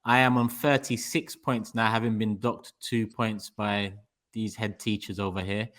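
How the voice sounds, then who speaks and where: A man's voice: lowish voice, level tone, unhurried, a bit bright. A man hosting a casual podcast chat, bantering and laughing often. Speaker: podcast host running predictions.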